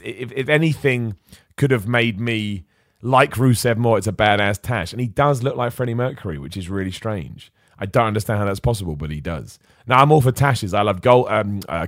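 A man's voice: medium pitch, dry recording, studio quality. A man hosting a podcast, chatting casually and with opinions about wrestling, reading out viewer comments and often stumbling over his words. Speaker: podcast host. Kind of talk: casual wrestling chat, reading super chats.

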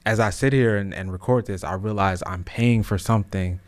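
A man's voice: lowish voice, fairly quick. A man in his thirties hosting a podcast, delivering a casual motivational monologue with slang and many restarts that builds to emphatic peaks. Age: 30s. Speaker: podcast host.

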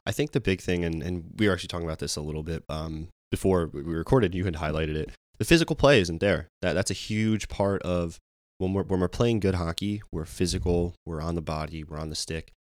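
A man's voice: low-pitched, fairly quick, no room sound, studio quality. A man co-hosting a casual sports podcast, exasperated and firing off rhetorical questions. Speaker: podcast co-host.

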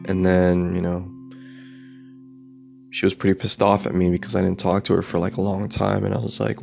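A man's voice: low voice, level tone, moderate pace, gravelly, long pauses, a little mellow, highs cut off, faint music behind. A young man telling a personal story in a rambling, casual way, full of "like" and "dude" and the odd swear word. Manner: rambling, filler-heavy, swearing, says "dude" and "like".

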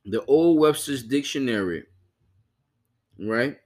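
A man's voice: medium pitch, unhurried. A man hosting a podcast in loose, profane casual chat, often repeating himself to listeners. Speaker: podcast host.

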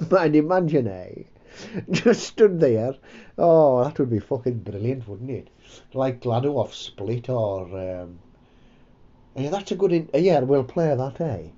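A man's voice: mid-range voice, expressive, a little slow, warm tone, highs cut off. A man hosting a comedy podcast, rambling, sweary and self-mocking. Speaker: podcast host. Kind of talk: casual comedy chat.

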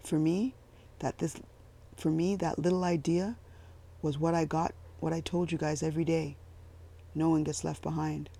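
A blunt, weary army captain speaks in a quiet, matter-of-fact way, as a man reads his part. The voice stays level and gravelly, with a somewhat raised pitch. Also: level tone, moderate pace, pauses often. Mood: steady.

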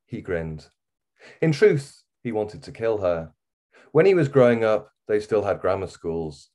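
A man with a Wirral accent reading his own short story aloud in a measured, steady way. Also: fairly low pitch. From England. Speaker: guest author.

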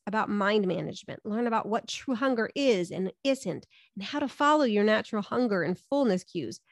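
A woman's voice: mid-range voice, no echo, clean studio sound. A middle-aged woman hosting a solo podcast from home, chatting and telling self-deprecating stories before giving advice. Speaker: podcast host. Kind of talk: casual solo podcast monologue. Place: home room.

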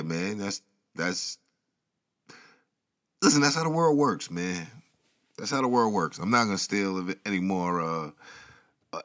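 Lowish voiced guy rambling through a story, lots of slang and side comments. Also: pushed and bright. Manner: slangy, rambling, laughs at his own asides. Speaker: commentary vlogger.

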